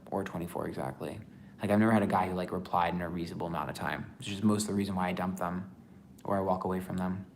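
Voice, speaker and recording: Low-voiced chatty man on a livestream. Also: gravelly, a little hiss or hum. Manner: rambling, chatty, many fillers. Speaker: livestream tarot reader. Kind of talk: casual livestream chat.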